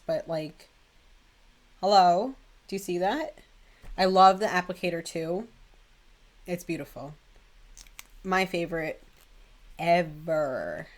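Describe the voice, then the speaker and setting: Casting note: young woman beauty vlogger, a bit lower in pitch, chatty, gushing, loose delivery. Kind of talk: casual chat.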